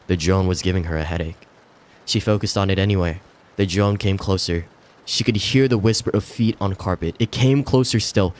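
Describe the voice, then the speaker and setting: A man's voice: low-pitched, a little hiss or hum. A man streaming himself reading scary stories aloud, with the odd slip and self-correction.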